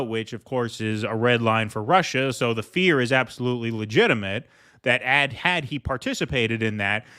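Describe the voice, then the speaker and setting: A male stream host with a bright, forceful voice riffs sarcastically on a news clip. He mocks what he hears, asks the chat questions and speeds up when he makes his points. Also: mid-range voice. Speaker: podcast host. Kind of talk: sarcastic political commentary.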